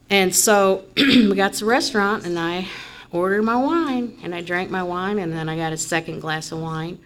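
A woman's voice: mid-range voice, lively intonation, normal speed, slight background noise. A woman giving a candid, rambling personal testimony at a recovery meeting. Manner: candid, rambling, rising to loud frustration in retold moments. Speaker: member sharing at a recovery meeting.

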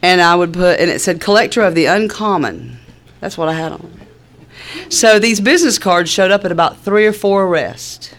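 A woman with a lowish voice and a Southern US drawl speaks at normal speed over slight background noise. Sharing her recovery story, she's wry, laid-back and funny, using plenty of fillers.

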